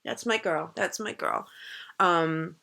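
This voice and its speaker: A woman's voice: fairly low pitch, expressive, slow, vocal fry, sharp tone. A woman in her thirties chatting to camera in a rambling, enthusiastic way. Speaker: vlogger. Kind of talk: casual chat to camera.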